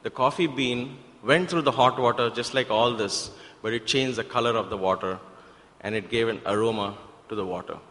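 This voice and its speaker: A man's voice: mid-range voice, normal speed, fairly bright tone. A man giving a sermon-style talk at a spiritual center, telling a parable with emphatic rhetorical questions. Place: devotional center hall. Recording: hall with long reverb.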